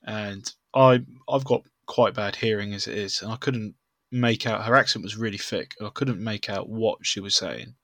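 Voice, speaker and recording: A man co-hosting a podcast, telling lively anecdotes in casual chat. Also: lowish voice, no room sound. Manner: animated anecdote-telling with laughs. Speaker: podcast co-host.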